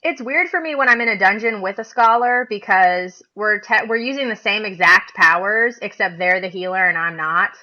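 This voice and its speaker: A woman's voice: medium pitch, moderate pace, hardly any pauses, bright, forceful tone. A woman co-hosting a casual podcast, talking animatedly and laughing as she acts out what other players say. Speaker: podcast co-host. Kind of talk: casual chat. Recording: dull lo-fi podcast recording.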